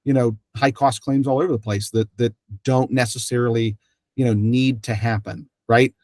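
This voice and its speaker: A man's voice: medium pitch, fairly even intonation, normal speed, a little mellow, no room sound. A man hosting an interview who talks in a loose, rambling way, full of fillers and restarts, and acts out the people he quotes. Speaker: interview host. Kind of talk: conversational interview.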